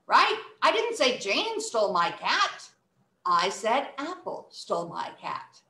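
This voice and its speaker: A bright, animated woman teacher leads a playful recitation lesson, her pitch swooping high and low. She talks slowly and leans hard on single words to show emphasis. The sound is roomy, with a clear echo around her. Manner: animated, exaggerated emphasis, slow deliberate demonstrations.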